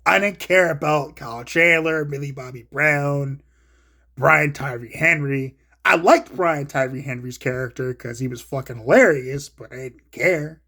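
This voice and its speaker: A man hosting his own show, ranting about movies casually, swearing a lot and swinging from low mutters to loud excited outbursts. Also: a little slow. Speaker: solo show host.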